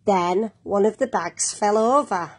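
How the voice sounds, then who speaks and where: Woman reading a kids' storybook out loud, slow and gentle, kinda breathy. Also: mid-range voice. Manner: gentle, with asides to young viewers. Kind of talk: reading a picture book aloud to children.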